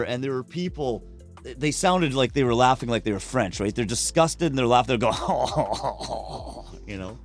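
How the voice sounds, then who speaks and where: Casting note: male podcast guest, blunt and swearing, lively anecdotes, faint music underneath. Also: medium pitch, moderate pace. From Canada. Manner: candid, profane, animated storyteller who acts out quotes. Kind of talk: casual conversational storytelling.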